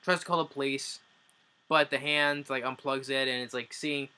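A man talks through a film's plot in a loose, rambling way, doubling back and restarting his sentences as he goes. His voice is bright and forceful, sitting at an ordinary middle pitch. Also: fairly even intonation, normal speed, smooth. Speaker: movie reviewer. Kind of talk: casual plot recap.

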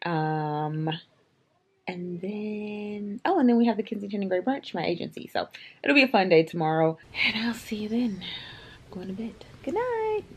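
A woman fashion vlogger chatting casually to camera, filling her talk with "um" and "like", in a low, husky morning voice. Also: very animated, a little fast. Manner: chatty, lots of "um" and "like".

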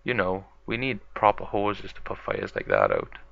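A man voicing a calm adult fireman in a toy-play story. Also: sits low, moderate pace, gravelly, highs cut off, exaggerated voice.

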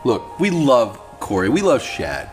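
A man co-hosting a podcast, talking in casual banter, excitable and pushy, swearing often. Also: mid-range voice, unhurried, faint music behind. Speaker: podcast co-host.

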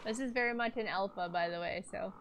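A woman's voice: mid-range voice, fast talker, fairly bright tone. A woman streaming a video game, chatty and giggly, talking to her viewers. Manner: chatty, giggly, talks to chat. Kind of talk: casual game livestream commentary.

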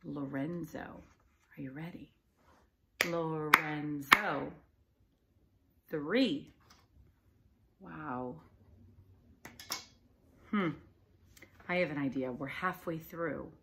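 A woman teacher talks slowly and patiently to young children, clapping and tapping out syllables in a slightly low voice. She now and then drops to a soft whisper. Faint room noise sits under the recording. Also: creaky. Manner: slow, patient and encouraging, claps and taps out syllables.

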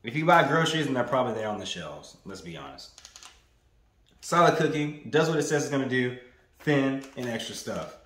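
Lively, playful man in an echoey room. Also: mid-range voice, fairly quick. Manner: loose and playful, repeats himself. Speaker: food reviewer. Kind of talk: casual vlog review. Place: indoors, standing. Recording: roomy echo.

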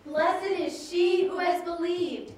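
A woman giving an enacted scripture reading in worship, slow and emphatic. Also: very high-pitched, steady tone, darkish tone. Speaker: scripture reader. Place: large worship hall. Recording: echoey hall from far off, faint noise.

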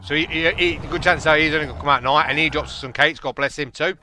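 A man, casually and excitably commentating a game, joking and laughing at his own jokes. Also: a little high, fast talker, music in the background. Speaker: gaming channel host.

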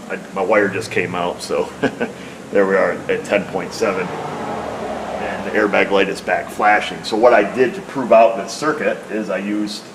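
A man's voice: low voice, noisy background. A man working on a car, explaining a repair step by step in a plain, hands-on way. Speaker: auto repair technician. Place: car repair shop, at the vehicle.

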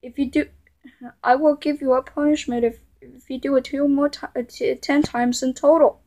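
A woman voicing a quick-tempered female computer error that scolds the user, threatening and stammering as she goes. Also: high-pitched, fairly even intonation, dark tone, close to an everyday voice. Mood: angry scolding.

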